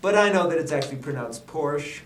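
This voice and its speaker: A man hosting an improvised comedy show, mock-formal, defensive and quick to protest. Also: mid-range voice, animated. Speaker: host. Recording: echoey room, distant mic, faint noise.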